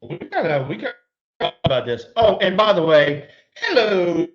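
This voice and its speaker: A man's voice: sits high, very animated, normal speed. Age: middle-aged. Sex: man. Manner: laid-back, drawling. Sound: dull lo-fi recording. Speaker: podcast co-host, former ballplayer. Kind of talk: casual storytelling chat.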